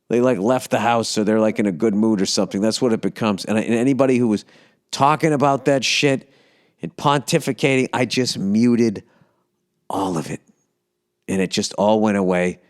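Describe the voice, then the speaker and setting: Fairly low, clear and resonant, this Boston-accented American comic in his 50s delivers a casual, rambling podcast monologue. As host, he gets profane and animated, throwing in yelled lines and impressions.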